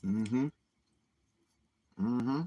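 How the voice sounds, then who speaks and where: Rambling husky man hosting a livestream. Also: medium pitch, drawn-out words, dark tone. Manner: rambling, with many murmured mm-hmms. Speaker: livestream host. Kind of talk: casual livestream monologue.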